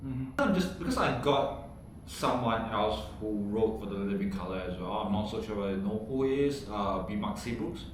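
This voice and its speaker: A man's voice: on the low side, lively intonation, moderate pace. Male podcast host, hesitant questioner, heavy room echo, faint noise. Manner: brief backchannel replies, hesitant questions. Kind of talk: casual interview.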